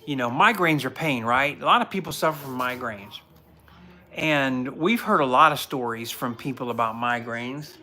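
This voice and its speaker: A man's voice: mid-range voice, normal speed, pushed and bright. A man in his forties, a police officer hosting a casual livestream from home, telling earnest, rambling stories full of restarts. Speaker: police officer and show host.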